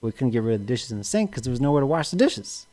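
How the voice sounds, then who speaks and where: A man's voice: medium pitch, sing-song, racing, dark tone. A young man co-hosting a casual livestream chat, rambling through jokey stories and laughing often. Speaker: co-host.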